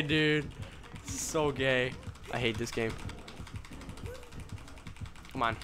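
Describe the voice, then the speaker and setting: A man giving live commentary on his own game, excitable and profane, swinging between mutters and sudden shouts. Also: mid-range voice, slow, pauses often, faint music behind.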